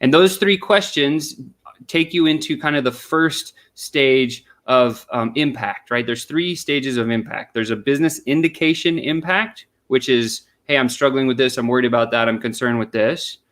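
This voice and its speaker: A man's voice: mid-range voice, moderate pace, a bit bright. A man on an interview, explaining a sales method step by step and acting out sample questions and replies. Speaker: sales consultant guest. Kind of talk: conversational interview.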